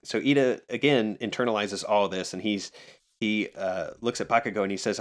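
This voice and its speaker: A man's voice: on the low side, fairly even intonation, moderate pace. A man co-hosting a podcast, casually retelling comic scenes with dry, wry humor and quoted lines. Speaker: podcast co-host. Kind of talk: casual chat about a manga.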